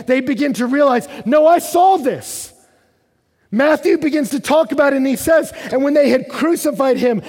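A man delivers a sermon in a church sanctuary. His voice sits high for a man, and he turns animated, climbing toward near-shouts at the peaks. A long hall reverb trails behind his words. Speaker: pastor.

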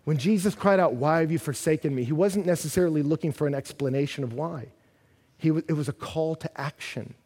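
A man preaching a sermon, earnest and building from quiet passages to loud, intense ones. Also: fairly high pitch, brisk, slightly rough. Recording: long reverb of a large hall.

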